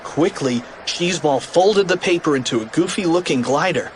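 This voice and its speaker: A man narrating a children's audiobook in an animated, expressive read. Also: a little high, moderate pace, few pauses, a little hiss or hum.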